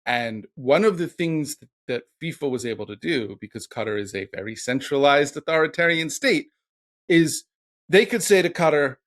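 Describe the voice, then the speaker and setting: Higher-voiced man explaining soccer business. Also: animated, a little fast, fairly bright tone. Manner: explanatory, wry. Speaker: guest, soccer podcast cohost. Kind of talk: casual podcast chat.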